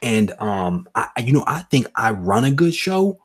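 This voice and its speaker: A man's voice: mid-range voice, very animated, a little slow, slightly rough. A man talking casually on a live comics stream, joking and then speaking earnestly about consistency. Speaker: guest YouTuber.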